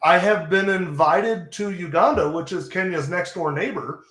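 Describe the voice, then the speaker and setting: A man's voice: high-pitched, normal speed, a bit bright, roomy sound. A man co-hosting a live stream, talking in an enthusiastic, rambling way. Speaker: co-host.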